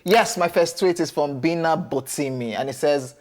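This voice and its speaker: A woman's voice: low voice, normal speed, a little mellow. A woman co-hosting a TV show, playfully reading out tweets and mimicking voices. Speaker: entertainment show co-host. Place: TV studio.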